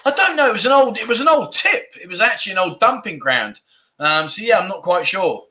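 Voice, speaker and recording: A chatty man hosts a casual livestream and answers viewers as he goes. His voice sits a little high and sounds bright and forward. He laughs easily and grumbles now and then. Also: big pitch swings, brisk. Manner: chatty, laughs often, mild grumbling asides. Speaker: livestream host reading viewer comments. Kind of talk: casual chat.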